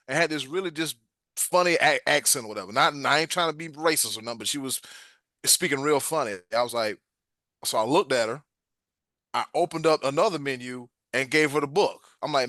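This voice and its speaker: A man on a casual podcast, telling a story in a blunt, animated, joking way. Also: medium pitch, fast talker, no room sound, clean studio sound. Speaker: podcast co-host.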